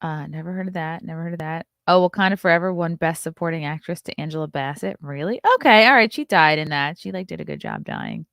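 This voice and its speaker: Woman morning host, lower voice, chatty and sarcastic, dry close mic. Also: creaky, a bit bright, no echo. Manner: chatty and wry, quick asides. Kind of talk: casual commentary reading celebrity news.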